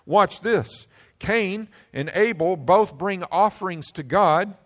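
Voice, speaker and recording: A male pastor delivering a sermon in a fairly high voice. He preaches emphatically, rising for stress and then slowing and sinking low on the words he wants to land.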